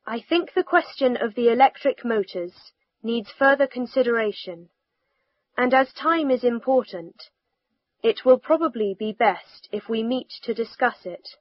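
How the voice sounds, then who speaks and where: A woman reads a textbook story for language learners, each word carefully enunciated and livened up where the dialogue comes in. Her voice sits a little high and moves at a deliberately slow pace. The recording is dry and slightly dull. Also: no echo. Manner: careful, clearly enunciated, lively for quoted dialogue. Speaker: reader of a language lesson text.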